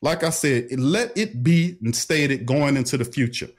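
Animated New man hosting a stream. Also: a little high, a little slow. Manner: animated, preachy, street-talk slang. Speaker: livestream talk host. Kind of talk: casual call-in talk stream.

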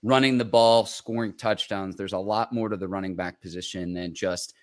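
Low-voiced man hosting a sports talk show. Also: steady tone, normal speed. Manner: reads viewer questions, moderates. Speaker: show host. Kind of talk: casual chat.

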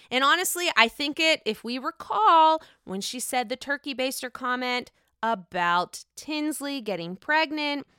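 Sassy, bright-voiced woman dishing gossip. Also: fairly high pitch, clear, resonant tone, no room sound, clean studio sound. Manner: sassy, profane, expressive. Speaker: reality TV gossip host. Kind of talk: casual gossip commentary.

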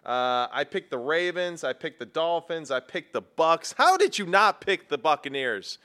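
A man's voice: on the high side, big pitch swings, normal speed, pushed and bright. A young man co-hosting a casual sports talk show, needling his co-host in a teasing way.

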